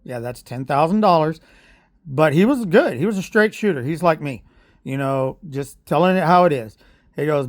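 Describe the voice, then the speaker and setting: Man, vlogger, blunt and heated; slightly high voice, dry close recording. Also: animated, moderate pace, no echo. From Oklahoma. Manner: heated, blunt storytelling with sarcastic asides. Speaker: parent vlogger. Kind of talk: ranting vlog monologue.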